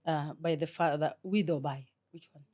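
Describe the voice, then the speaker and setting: A middle-aged woman with a low-pitched voice speaks at normal speed as an interview guest. She talks earnestly and with feeling, soft-spoken and heartfelt, in an emotional interview.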